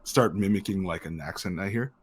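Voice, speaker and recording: A man's voice: low voice, brisk, breathy edge. A man being interviewed as an actor guest, talking in a rambling, casual way with many fillers and frequent laughter.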